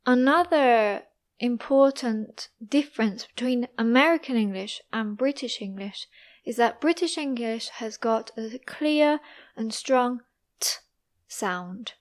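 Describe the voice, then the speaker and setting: Slightly high-voiced woman teaching pronunciation, super slow, pauses after each word. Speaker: English teacher. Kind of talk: pronunciation lesson.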